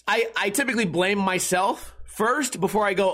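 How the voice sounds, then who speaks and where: A middle-aged man from Las Vegas spins a rambling, profane story with a high voice. His tone is bright and sharp, and he gets heated and laughs between lines. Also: normal speed.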